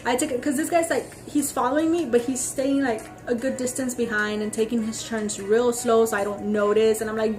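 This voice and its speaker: Brisk and barely pausing, a high-leaning young female voice rants casually to a vlog camera over soft background music. She rambles with frequent "like" and "freaking," animatedly narrating and performing the lines of the other people in her stories.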